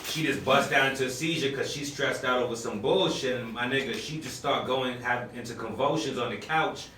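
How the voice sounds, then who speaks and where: A man, from the Bronx, guest on an interview show, telling a story in an excitable, profane way and acting out moments with loud shouts. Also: medium pitch, brisk. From Bronx, New York. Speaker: guest chef. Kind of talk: animated storytelling. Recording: echoey room, mic at a distance, noisy.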